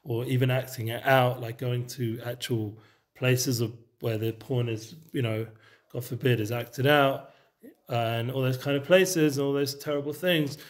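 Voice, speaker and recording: A man leading a relaxed Torah study session, explaining Hebrew texts in a loose, conversational way. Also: mid-range voice, unhurried. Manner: mixes Hebrew terms into English, loose and conversational. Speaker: Torah teacher.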